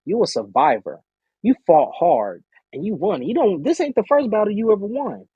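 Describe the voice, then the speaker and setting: A man hosting a live-streamed tarot reading, animated and encouraging, humming and murmuring as he reads the cards. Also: sits high, moderate pace, slightly rough, no room sound, narrow, tinny audio. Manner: animated, encouraging, talks straight to the listener. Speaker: tarot reader host.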